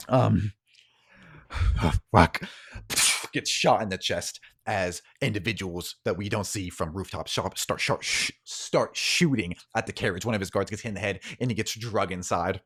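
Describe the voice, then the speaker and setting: A man's voice: low voice, moderate pace, few pauses, fairly bright tone. A man narrating a tabletop role-playing game as game master, describing scenes vividly with frequent fillers.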